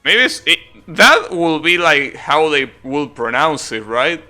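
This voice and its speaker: Slow, rambling young male streamer over music. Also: fairly high pitch, expressive, pushed and bright. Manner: rambling, self-correcting, swears casually, laughs at own jokes. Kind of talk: casual live-stream chat with viewers.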